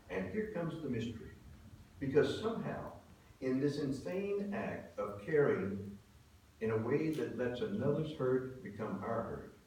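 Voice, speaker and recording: A man's voice: medium pitch, darkish tone, recorded from a distance. Older man preaching in an echoey hall. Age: 70s. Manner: earnest storytelling, swelling and dropping in volume. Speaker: pastor. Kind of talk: sermon. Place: church sanctuary. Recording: very echoey hall from afar, faint hiss.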